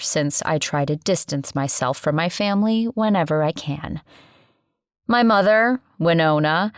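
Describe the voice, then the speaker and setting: A woman's voice: on the low side, no room sound. A woman narrating a first-person audiobook with sardonic, wry asides, recorded on a close studio mic.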